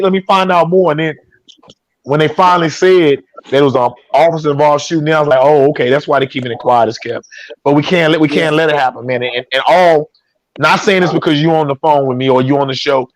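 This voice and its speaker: A man's voice: fairly high pitch, no room sound. A man hosting a talk show, speaking casually and emotionally, often stumbling and repeating his words. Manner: repeats words, stammers when upset.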